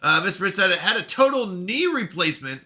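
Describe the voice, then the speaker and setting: A man's voice: sits high, sing-song, a little fast, bright, forceful tone. A man live-streaming in a casual, playful way, reading chat messages aloud and joking around. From Canada. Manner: playful, chatty, reads chat messages aloud, jokes about pronunciation.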